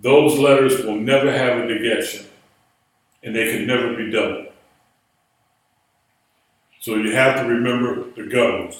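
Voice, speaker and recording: Lecturing a small class, a Biblical Hebrew teacher speaks slowly and deliberately in a mid-pitched voice, patiently spelling words out letter by letter. He's far from the microphone, and heavy room echo surrounds every word.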